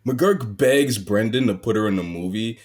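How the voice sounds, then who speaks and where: A man on a casual podcast who swears freely, laughs often and drops to a low mutter at times. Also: animated, moderate pace, darkish tone. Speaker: podcast guest.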